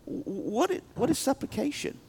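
A male pastor preaching a sermon, emphatic, swinging from loud bursts to quiet talk. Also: extremely high pitch, sing-song, normal speed, gravelly, breathy edge.

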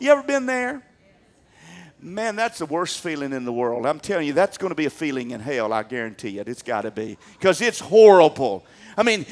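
High-voiced animated male preacher. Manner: animated preaching, rising to loud emphatic peaks and dropping to asides. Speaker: pastor. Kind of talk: sermon. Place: church.

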